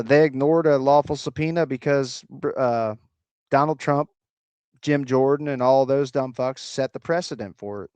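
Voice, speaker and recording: A man's voice: mid-range voice, darkish tone, smooth, no room sound. A man with a slight Appalachian country accent, hosting a casual livestream, reading chat aloud and answering with crude, sarcastic swearing.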